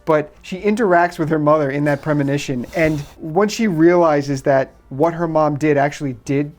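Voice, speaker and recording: A man's voice: on the high side, moderate pace. A man co-hosting a movie review podcast, speaking in loose, profane, joking chat with mocking impressions.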